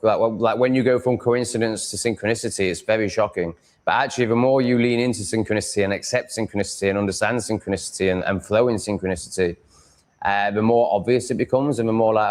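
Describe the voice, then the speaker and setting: A man in his thirties hosting a casual livestream, rambling with halting restarts and reacting to chat. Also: lowish voice. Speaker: livestream host reading chat.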